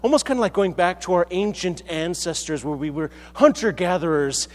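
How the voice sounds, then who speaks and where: A man's voice: sits high, fairly quick. An American man preaching a sermon in a large hall, conversational and self-deprecating, with frequent restarts. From United States. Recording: echoey hall.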